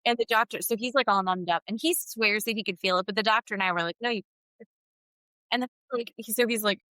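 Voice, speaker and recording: A woman's voice: medium pitch, quick pace, sharp tone, no echo, poor audio. A woman podcast co-host, casually telling a personal story and acting out quoted dialogue. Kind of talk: casual chat.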